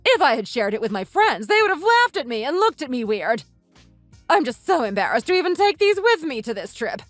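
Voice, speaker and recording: A condescending rich-girl snob with a high, swooping voice, sneering and shrill, as a woman puts her on. She talks down to everyone in a voiced texting story. The sound is close and dry, with soft music underneath. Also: very animated, brisk, no room sound. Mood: scornful. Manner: haughty, sneering, shrill outbursts. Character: snobbish young woman, spiteful and condescending.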